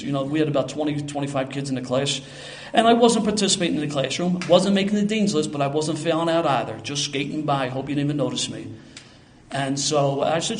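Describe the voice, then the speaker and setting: A man's voice: on the high side, a little mellow. An older man from Philadelphia with a Philadelphia accent, telling a self-mocking, streetwise story to a live audience.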